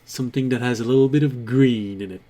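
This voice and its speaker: A man voicing a sly male tavern keeper who makes a smooth sales pitch for shady goods. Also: fast talker, mellow, natural voice. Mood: amused. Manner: chuckling, smooth salesman patter.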